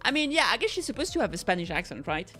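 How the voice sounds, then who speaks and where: A woman's voice: medium pitch, very animated, very fast, sharp tone, faint music behind. A woman streamer casually reading through a game and adding chatty asides. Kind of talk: reading game dialogue aloud.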